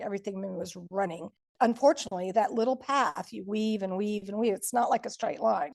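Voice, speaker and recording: A woman's voice: mid-range voice, creaky, a little mellow. A woman, a podcast guest, vividly retelling a frightening personal story and acting out the quotes.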